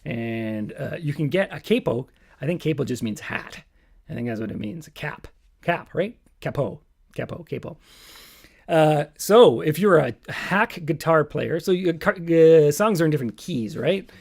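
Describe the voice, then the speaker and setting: A man's voice: fairly high pitch, animated, moderate pace, vocal fry. A man hosting a casual livestream, singing comic songs and chatting loosely between them with self-deprecating remarks. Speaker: singer-songwriter and livestream host. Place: home room. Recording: voice with loud acoustic guitar.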